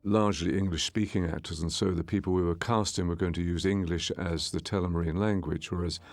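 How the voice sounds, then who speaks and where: A man with a low, gravelly voice recorded close and dry, talking through a film as its director. He explains things in a measured, unhurried way, pausing and restarting small phrases as he thinks. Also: fairly even intonation, darkish tone, dry recording. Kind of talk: audio commentary on a film.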